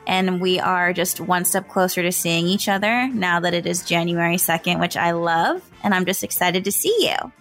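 A woman's voice: fairly low pitch, normal speed, hardly any pauses, fairly bright tone, faint music behind. Upbeat chatty woman radio host. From California. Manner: upbeat, chatty, lots of affirming fillers. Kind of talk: casual morning radio chat.

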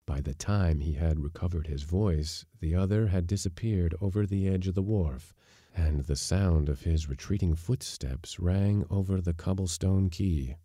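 A man reading a short story aloud as a podcast narrator, with measured, even storytelling. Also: low-pitched, no room sound, studio quality. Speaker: audiobook narrator. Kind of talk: scripted narration.

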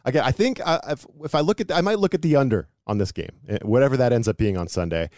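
A man's voice: medium pitch, lively intonation, fast, a little mellow, dry recording. A man hosting a sports podcast, chatting casually and animatedly, poking fun at himself and laughing often. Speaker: podcast host.

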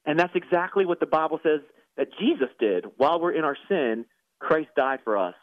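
A man's voice: fairly high pitch, lively intonation, a little fast, no echo. A man tells his story of guilt and forgiveness with earnest, preacherly conviction, often stumbling over repeated words. His voice has a tinny, narrow phone-line sound, close and dry with no room around it. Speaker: guest, former professional soccer player and pastor. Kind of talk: emotional personal testimony.

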